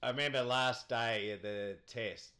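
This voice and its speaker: A man's voice: mid-range voice, unhurried, bright, forceful tone. A man, a podcast guest telling cricket anecdotes in a rambling, chatty way, laughing often.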